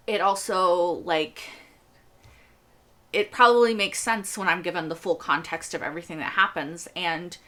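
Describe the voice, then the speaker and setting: Bright-voiced woman chatting earnestly. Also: on the low side. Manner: rambling and earnest, laughs often. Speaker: reaction video host. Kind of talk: casual reaction chat.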